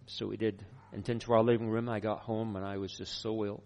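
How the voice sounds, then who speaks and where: A man's voice: on the low side, fairly quick, vocal fry. Male preacher telling a story. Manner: storytelling, lively, chuckling. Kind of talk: sermon.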